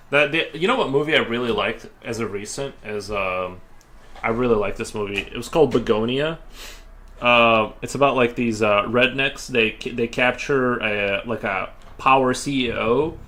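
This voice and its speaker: A man's voice: medium pitch, fairly bright tone. Man, casual streamer chat, rambling with fillers and restarts, faint music in the background. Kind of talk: casual chat while drawing.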